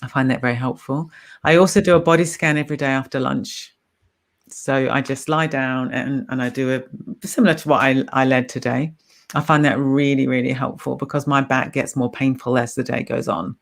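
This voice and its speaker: A woman with an anglicized New Zealand accent, a mindfulness teacher speaking as a guest in calm, encouraging casual chat. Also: rumbling low, normal speed, creaky.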